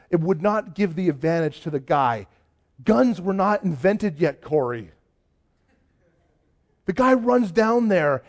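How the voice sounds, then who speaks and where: Guy pastor with a pretty high voice, preaching and storytelling, gets fired up. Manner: storytelling, builds from quiet to animated. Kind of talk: sermon.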